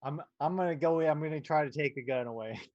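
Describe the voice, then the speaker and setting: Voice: medium pitch, quick pace, darkish tone, dry recording, highs cut off. A tabletop player protesting in exasperation during casual play.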